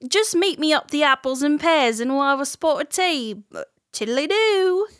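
A woman's voice: high voice, lively intonation, moderate pace, fairly bright tone, no echo, voice pushed up. A cheeky Cockney Londoner rattles off slang in a sing-song, exaggerated accent, voiced by a woman. The voice is raised and bouncy, with a dry, close sound. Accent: Cockney (put on).

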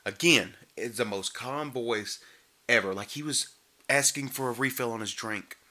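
A man giving a sarcastic, animated comedic recap of a bad horror movie, mocking the acting. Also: normal speed. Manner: sarcastic, animated, mocks the acting with squeaky imitations. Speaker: movie reviewer.

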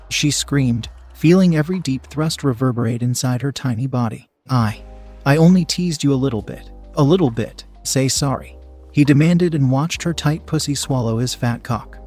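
A man reading an adult audio story in a steady, scripted narration. His voice sits at a middle pitch, with faint music running quietly behind him.

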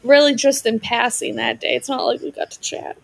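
A woman's voice: fairly high pitch, steady tone, brisk, vocal fry, poor audio. A woman playing a tabletop game, joking and hesitant in casual chat. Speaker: player.

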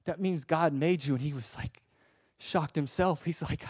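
A man preaching a sermon with passion, moving between hushed tender passages and loud emphatic ones, often stammering and repeating words as he presses his points. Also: a little high, moderate pace, husky, dry recording.

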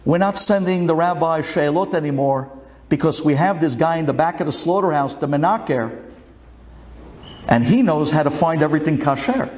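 A man's voice: a little high, moderate pace, a little mellow, close to an everyday voice. A man voicing blunt male slaughterhouse workers who speak matter-of-factly.

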